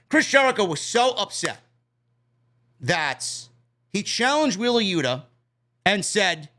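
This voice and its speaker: A man's voice: high voice, expressive, fairly quick, bright, forceful tone. A man with a New York accent giving a loose, chatty recap of a wrestling show, with fillers and casual swearing.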